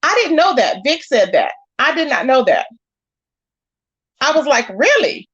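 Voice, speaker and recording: A woman, hosting a live stream, commenting casually in an animated and exasperated way as she acts out quoted lines. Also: high voice, unhurried, dull audio.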